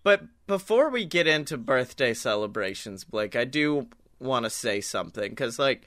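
A young man co-hosting a comedy podcast, telling animated stories in casual chat and swearing freely. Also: mid-range voice, normal speed, no room sound, clean studio sound. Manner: animated storyteller, swears freely, acts out quotes. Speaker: podcast co-host.

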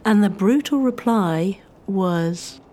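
Mellow woman narrating history. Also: mid-range voice, lively intonation. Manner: measured storytelling.

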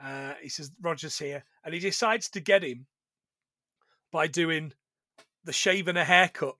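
A man hosting a casual podcast chat, joking, swearing and putting on quick voices for the characters he retells. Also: on the high side, pushed and bright, no room sound. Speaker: podcast host.

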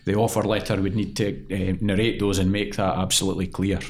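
A man's voice: deep voice, level tone, fairly quick, darkish tone. A young man co-hosting a legal podcast, chatty and joking, who explains things step by step. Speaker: podcast co-host, employment lawyer. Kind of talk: casual chat and explaining.

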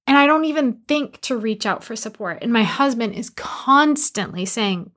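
Woman, business coach, motivational solo talk, fairly high voice, energetic, emphatic, punchy repeated commands, barn studio. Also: normal speed, few pauses. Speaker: business coach and podcast host.

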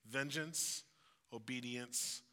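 A man preaching a conversational sermon, relaxed and reflective, acting out everyday phrases to make his point. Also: mid-range voice, slow pace. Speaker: pastor. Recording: long hall reverb.

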